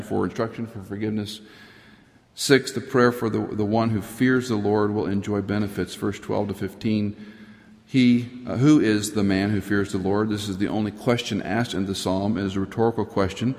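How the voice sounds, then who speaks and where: A lower-voiced, middle-aged man delivers an earnest sermon, climbing sharply in pitch to stress a point and sinking at times to a hushed whisper. His voice carries a long reverb from a large hall or church. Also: steady tone, moderate pace. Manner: earnest, rises in pitch for emphasis, drops to a near whisper at times. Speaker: preacher.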